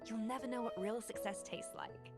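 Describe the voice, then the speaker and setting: An actress voicing a confident, encouraging female chef who coaches in a brisk manner in a video game. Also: a little high, over loud music, close to an everyday voice.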